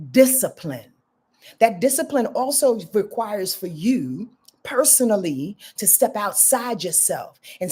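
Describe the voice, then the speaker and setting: A woman hosting a live astrology reading, talking casually and profanely with emphatic repetition, sometimes sinking to a hushed whisper. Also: mid-range voice, breathy edge. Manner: drops to a hushed whisper at times. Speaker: astrology show host.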